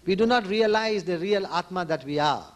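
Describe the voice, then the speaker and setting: A man speaks from the podium at a conference, his voice sitting a little high for a man. He is earnest and emphatic, returning to his key points again and again as he addresses the audience. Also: lively intonation, normal speed. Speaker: organization leader addressing a conference. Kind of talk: conference speech. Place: conference hall.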